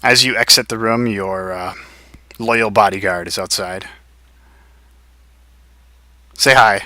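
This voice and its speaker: A man running a tabletop game, brisk and wry. His voice is very bright and cutting and sits somewhat low, recorded dry and close. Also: fairly even intonation, dry recording. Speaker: game master.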